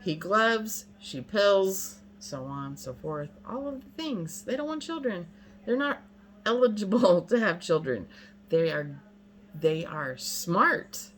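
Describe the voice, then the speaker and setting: A woman's voice: mid-range voice, expressive, slow, a bit bright, slight background noise, low-quality recording. A woman in her fifties venting bluntly and emphatically to her viewers, exasperated and repeating herself for emphasis. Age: 50s. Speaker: vlogger. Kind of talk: casual rant to camera.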